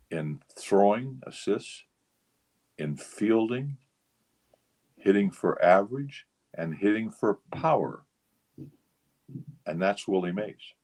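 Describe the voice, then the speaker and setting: A man over sixty voicing an old male baseball manager who makes his point slowly and deliberately. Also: fairly low pitch, a little mellow, full character voice.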